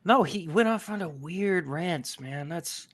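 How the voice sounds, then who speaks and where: A man co-hosting a podcast, chatting casually in an animated, jokey way and quoting people in mock voices. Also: fairly high pitch, a little slow. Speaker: podcast co-host. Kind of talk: casual chat.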